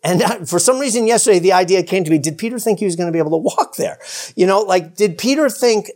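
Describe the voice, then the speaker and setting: A man teaching the Bible in a casual, animated way. He often chuckles, restarts his sentences and acts out the characters' lines. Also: high voice, quick pace. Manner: rambling with many restarts and "you know".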